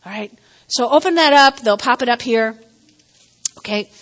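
A woman pastor delivers a sermon in a high voice, swinging between soft asides and loud exclaims. She tells stories with laughter and an animated, lively delivery. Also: moderate pace.

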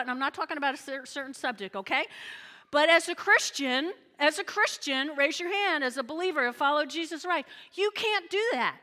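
A woman pastor preaching a sermon in an animated, chatty way, often checking in with her listeners. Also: high-pitched, brisk, big-room sound.

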